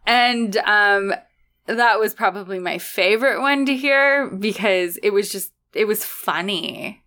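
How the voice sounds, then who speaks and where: A woman's voice: medium pitch, measured pace, bright, forceful tone. A young adult woman co-hosting a podcast in casual, upbeat chat, laughing often. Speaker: podcast co-host.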